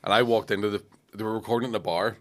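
A Northern Irish man with a lowish voice rattles through stage stories at speed. He swears freely and tells it with animated comic timing, like a comedian chatting on a podcast. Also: rapid-fire. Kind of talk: casual podcast chat, telling stage stories.

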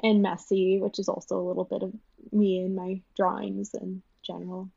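A woman's voice: mid-range voice, little pitch movement, normal speed, gravelly, mellow, highs cut off. A young woman chatting as a guest in an interview, rambling with lots of fillers and frequent laughs. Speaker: guest, animation writer and storyboard artist. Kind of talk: casual interview chat.

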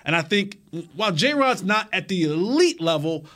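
A man's voice: high voice, big pitch swings, normal speed, bright, forceful tone. A man hosting a sports talk show, speaking casually and animatedly, often repeating words as he builds his point.

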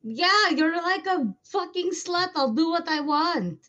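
A woman's voice: extremely high pitch, lively intonation, slow, bright, forceful tone, dull audio. A woman playing a tabletop game, brash and crude, joking with lots of swearing. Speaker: player. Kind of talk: casual in-character tabletop chat.

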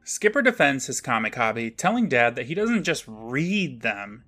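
A young man co-hosting a podcast, recapping an episode in a wry, steady storytelling manner. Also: mid-range voice, moderate pace, few pauses. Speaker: podcast co-host. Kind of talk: casual recap narration.

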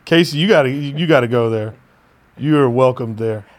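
A man's voice: medium pitch, moderate pace. A man chatting casually as a podcast co-host, laid-back, laughing often and swearing now and then. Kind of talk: casual chat.

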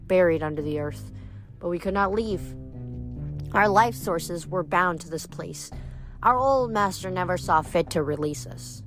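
A woman reading aloud, voicing a bitter, vengeful ancient female water nymph in a slow, menacing way. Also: fairly low pitch, close to an everyday voice.

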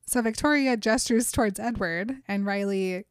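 A woman co-hosting a podcast, retelling a book in a lively, casual way with fillers and laughs. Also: mid-range voice, moderate pace, clean tone, dry recording, studio quality. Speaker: podcast co-host.

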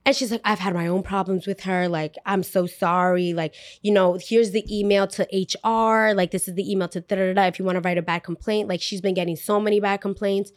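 A young woman casually telling a retail work story, animated and full of fillers, acting out what people said. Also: mid-range voice, brisk, few pauses, no room sound. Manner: animated, lots of "like", acts out quotes.

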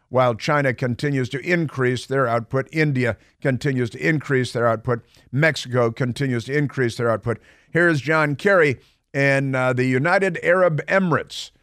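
A man's voice: mid-range voice, a bit bright, no room sound. A man hosting a talk radio show, delivering a sarcastic monologue with mocking asides from a studio microphone.

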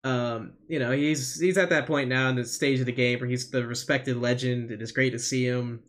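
This man speaks at a normal speed in a medium-pitched, steady, fairly bright voice. Co-hosting a podcast, he chats casually about wrestling, wandering off track and hesitating, his speech full of fillers.

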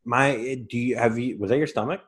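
A man's voice: mid-range voice, a little fast, slightly rough. A man hosting a casual comedic podcast chat, joking, laughing often and acting out quoted voices. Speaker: podcast host.

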